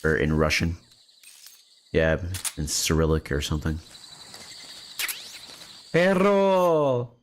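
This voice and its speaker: His voice is extremely low and completely flat, at a normal speed with long pauses and a bit of hiss or hum. Streaming a game, he still jokes playfully and chats casually with viewers throughout his commentary.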